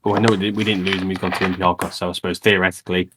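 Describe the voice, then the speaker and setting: A man's voice: low-pitched, flat delivery, rapid-fire, noisy background. A man co-hosting a football podcast, thinking aloud in casual conversation. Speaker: podcast co-host.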